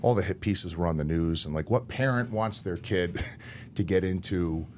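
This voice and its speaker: A man in his thirties, a wrestler and interview guest, telling stories in a relaxed, anecdotal way with laughs between lines. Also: deep voice, moderate pace, slight background noise. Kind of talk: casual interview storytelling.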